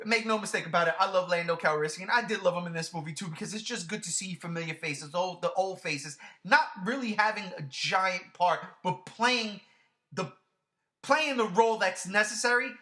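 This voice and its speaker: A man's voice: high-pitched, moderate pace, sharp tone. A man reviewing a movie in casual chat, ranting animatedly and swearing freely.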